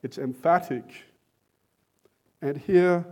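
Male preacher, somewhat high voice, unhurried delivery, emphatic sermon style. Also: animated, darkish tone, highs cut off. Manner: emphatic, rhetorical questions, slow deliberate stresses.

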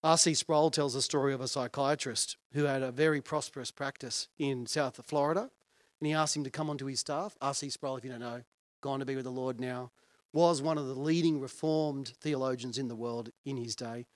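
A man's voice: medium pitch, steady tone, fairly quick, no echo. A male pastor preaching a sermon in an earnest, conversational way and putting questions to his listeners.

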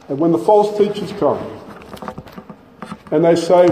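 A middle-aged man preaching a sermon, emphatic, slowing down and repeating his key phrases. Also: fairly high pitch, dark tone. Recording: echoey hall from a distance.

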